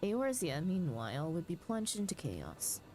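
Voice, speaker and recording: A woman's voice: lowish voice, huge pitch swings, warm tone, faint music behind. A woman reading as an urgent young strategist. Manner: measured, earnest explaining. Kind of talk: reading game dialogue aloud.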